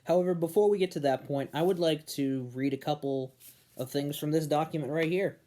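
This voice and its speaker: A young man from New Hampshire giving an earnest political commentary monologue, slowing down and stressing key words. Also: a little high, mellow. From New Hampshire, USA. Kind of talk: casual opinion monologue.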